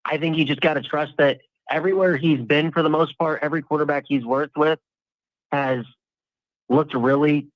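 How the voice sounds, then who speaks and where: A man's voice: on the high side, steady tone, moderate pace, no room sound. Man breaking down football, slightly muffled. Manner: analytical, rambling with restarts. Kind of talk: casual sports talk.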